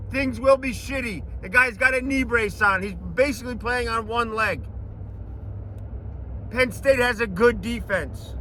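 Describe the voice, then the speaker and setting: A man hosting a sports betting show, talking casually and breaking into shouted chants. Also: extremely high pitch, measured pace, a little hiss or hum, poor audio.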